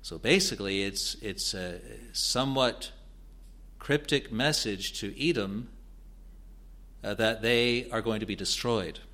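A man preaching an expository sermon in a deliberate, earnest way, building to emphatic rises. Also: lowish voice, bright, forceful tone.

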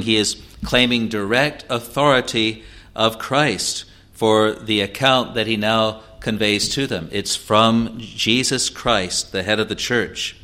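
A man preaching an expository sermon, teaching in a measured way with pauses and restarts. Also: fairly low pitch, bright, forceful tone.

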